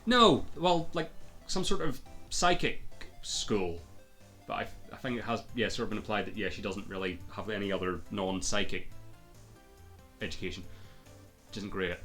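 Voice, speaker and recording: A man's voice: on the low side, moderate pace, long pauses, a bit bright, soft background music. A man streaming a video game, making dry, wry casual comments between scenes.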